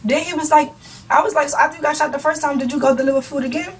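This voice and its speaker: A young woman YouTuber telling a storytime vlog, retelling a conversation in an animated way and often breaking into laughter. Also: sits high, rapid-fire, distant mic, slight background noise, low-quality recording.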